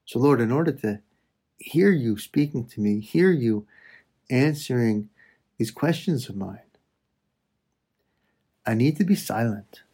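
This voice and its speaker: A man leading a slow, reflective spoken prayer meditation, addressing God and his listeners with soft pauses. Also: medium pitch, expressive, slightly rough.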